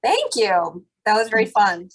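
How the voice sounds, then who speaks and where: A woman's voice: mid-range voice, big pitch swings, measured pace, slightly rough. A bubbly, chatty woman in a channeling group, talking casually and speaking flowing light language on a video call.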